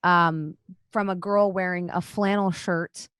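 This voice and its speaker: Low-voiced woman game master, dry sound. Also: fairly even intonation, measured pace, a bit bright, smooth, no room sound. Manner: casual, descriptive, many fillers. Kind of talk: narrating a tabletop role-playing game. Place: home, online session.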